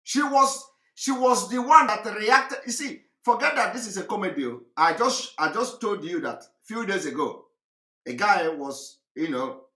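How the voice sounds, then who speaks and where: Male commentator, slow and preachy, very lively pitch. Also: echoey room. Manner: drawn-out, repetitive preaching delivery. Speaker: live broadcast commentator. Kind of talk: emphatic commentary on a video clip.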